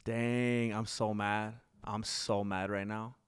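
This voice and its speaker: A man's voice: fairly low pitch, little pitch movement, takes it slowly, smooth. A man hosting a livestream, rambling casually and talking straight to his viewers. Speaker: livestream host reading chat.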